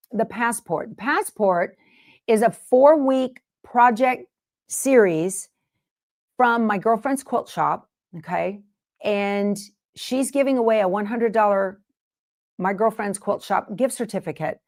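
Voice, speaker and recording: Woman, livestream host, relaxed chatty delivery, digresses often, mid-range voice. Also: mid-range voice. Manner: rambling, jumps between topics and interrupts herself. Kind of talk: casual livestream chat, answering viewers.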